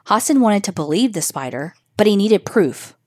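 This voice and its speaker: A woman narrating a children's story aloud in a measured, expressive way. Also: medium pitch, dry recording, studio quality.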